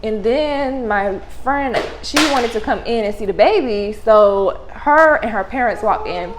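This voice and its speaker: Young woman vlogger, high-ish voice, blunt and animated storyteller. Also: a little slow, poor audio. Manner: animated, blunt, slangy with swearing. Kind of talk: casual storytime.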